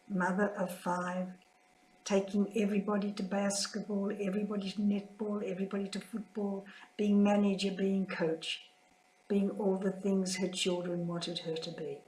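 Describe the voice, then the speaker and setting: An older woman, a religious sister, sharing a heartfelt, tender spiritual reflection in a quietly grieving manner. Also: medium pitch, slight background noise. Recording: roomy echo.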